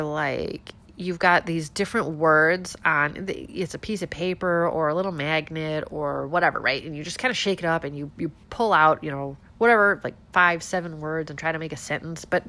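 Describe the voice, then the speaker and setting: A woman's voice: low-pitched, moderate pace. Sarcastic stuffed-up woman hosting commentary. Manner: sarcastic, animated, rhetorical questions. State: stuffed-up nose. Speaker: political commentary host. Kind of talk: casual political commentary.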